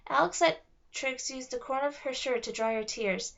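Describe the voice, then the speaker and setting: High-voiced woman reading a children's book. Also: normal speed, creaky. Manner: expressive storytelling. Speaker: reader. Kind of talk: children's book read-along narration. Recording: dull lo-fi recording.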